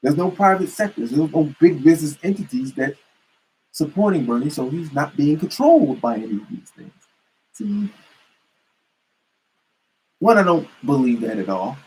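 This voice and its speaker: Husky male commentator, emphatic and preachy, casual rant. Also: on the high side, very animated, moderate pace, long pauses, darkish tone, poor audio. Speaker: political commentator. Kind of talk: casual political rant to camera.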